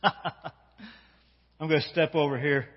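A man preaching as pastor, telling a story and talking directly to a child and the congregation with animated delivery. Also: fairly high pitch, unhurried. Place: church sanctuary. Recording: dull sound with long hall reverb.

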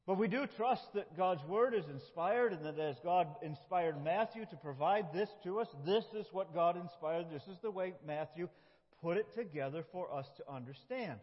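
High-voiced pastor in echoing hall. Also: male voice, animated, moderate pace. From upstate New York. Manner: folksy, self-deprecating, laughs often. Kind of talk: sermon. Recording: dull lo-fi sound with long hall reverb.

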